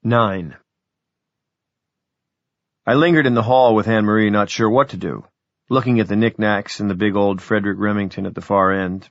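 A man reading a novel aloud as audiobook narrator, measured and even. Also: on the low side, no room sound. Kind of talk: scripted narration. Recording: dull, dry audiobook recording.

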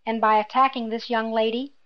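A woman voicing a cold, menacing male imperial officer who speaks in a quiet, clipped, mocking tone, in a slightly dull lo-fi recording. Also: a little high, little pitch movement, fairly quick, close to an everyday voice.

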